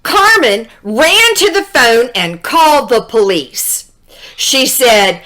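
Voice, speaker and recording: A woman reading a children's storybook aloud, expressive and drawn-out, with little asides to the listener. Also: on the high side.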